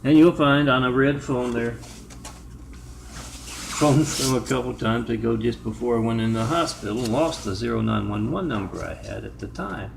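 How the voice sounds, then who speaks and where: A man with a gravelly, creaky voice delivering a wandering solo monologue to camera. His pitch sits in an ordinary middle range. He drifts from point to point and spells things out slowly, letter by letter. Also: a little hiss or hum. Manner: digressive, spells out numbers and web addresses. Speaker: video maker. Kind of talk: rambling monologue.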